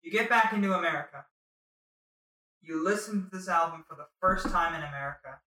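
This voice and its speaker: A young woman from Minnesota hosting a casual interview, joking with quick asides. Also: on the low side, sharp tone. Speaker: podcast host. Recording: roomy and distant.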